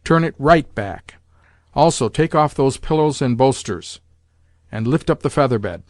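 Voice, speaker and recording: A man voicing an imperious rich old grandmother who gives blunt orders and sharp rebukes, in an audiobook reading. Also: mid-range voice, lively intonation, a little slow, no echo, clean studio sound, close to an everyday voice. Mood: commanding. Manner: commanding, sharp rebukes and demands. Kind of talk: audiobook character voice.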